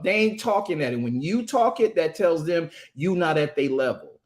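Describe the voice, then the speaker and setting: A man's voice: high-pitched, animated. A man who hosts and preaches on a talk show, emphatic and drawing out words to stress them. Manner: emphatic, drawn-out words for stress, quotes voices. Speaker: host and minister.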